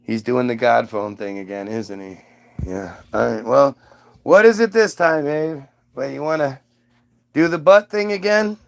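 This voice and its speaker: A man's voice: mid-range voice, measured pace, vocal fry. A man voicing a weary, sarcastic group of male servants. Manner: groaning, sarcastic.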